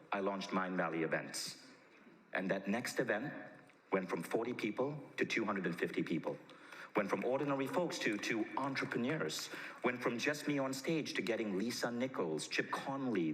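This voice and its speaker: A man telling a story on stage in a lively motivational talk, sometimes rushing and sometimes drawing words out. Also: lowish voice. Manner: animated, shifts between rushed and drawn-out. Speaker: speaker at a personal-growth event. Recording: echoey hall.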